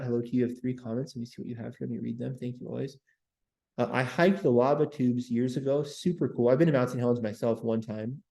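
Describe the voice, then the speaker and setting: A man's voice: mid-range voice, creaky, dark tone, roomy sound. A man hosting a history livestream, chatting with viewers and repeating words as he talks. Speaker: host. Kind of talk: livestream history talk, reading chat.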